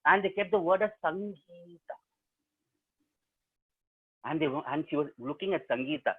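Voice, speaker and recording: A man with an Indian English accent tells a story animatedly and quizzes his listeners. His voice sits a little high and is husky. It comes through thin, phone-like video call audio. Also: moderate pace. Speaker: professional storyteller. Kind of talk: live oral storytelling to students. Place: remote webinar, home setup. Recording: tinny webinar call audio.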